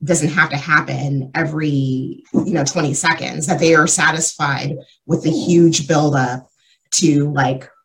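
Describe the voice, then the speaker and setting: A woman's voice: low voice, steady tone, unhurried, a bit bright, poor audio. A woman co-hosting a casual discussion about comedy, thinking aloud with many fillers. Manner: thoughtful, lots of fillers. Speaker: podcast co-host.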